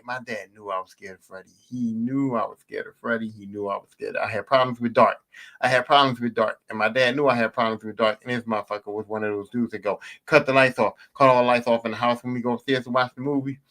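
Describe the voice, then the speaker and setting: Bright-voiced man telling animated stories. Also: medium pitch. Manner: animated, profane and repetitive. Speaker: podcast host. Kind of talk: casual storytelling monologue.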